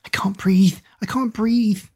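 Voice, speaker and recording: A woman's voice: medium pitch, steady tone, unhurried, warm tone, slightly rough, pitched above the performer's own voice. A woman doing a panicky teenage girl. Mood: panicked. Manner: panicky, pleading. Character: anxious teenage girl, squeamish and dramatic.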